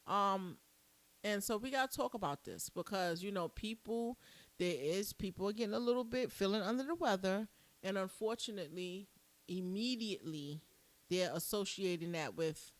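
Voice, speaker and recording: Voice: medium pitch, expressive, normal speed, fairly bright tone. A podcast host in a studio giving a casual monologue. The host stresses points by repeating phrases and often adds tag questions and fillers. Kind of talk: casual talk-show monologue.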